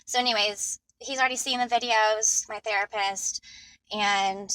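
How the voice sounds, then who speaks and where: This is a personal driving vlog from a mother in a custody dispute, who sounds upset and rambles with many restarts. Her medium-pitched voice keeps a steady tone at normal speed, bright and forceful. The recording is rough and has no room sound.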